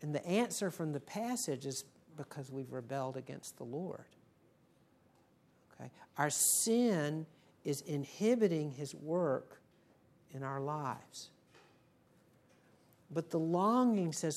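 A woman leading a Bible study, explaining a passage in an unhurried way and checking in with her listeners. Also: low voice, animated, a little mellow. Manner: unhurried, asks the group "okay?" often. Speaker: Bible teacher.

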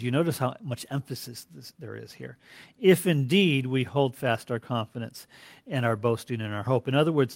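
A man's voice: mid-range voice, dry recording. Earnest male Bible teacher, dry sound. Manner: deliberate, reads scripture aloud, quizzes the class. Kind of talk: classroom Bible lecture.

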